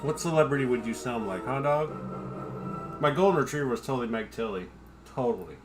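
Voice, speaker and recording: A man's voice: mid-range voice, expressive, quick pace, music in the background. A man rambling casually on a home livestream while drinking, joking at his own expense, swearing freely and chatting to his dog. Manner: rambling, profane, self-deprecating. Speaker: livestream host.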